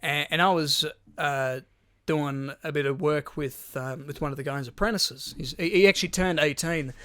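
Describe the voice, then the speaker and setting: A man's voice: on the high side, normal speed, a bit bright, clean tone. A young Australian man, podcast co-host, telling a rambling casual story with lots of swearing. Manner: rambling, swears freely, acts out voices in quotes.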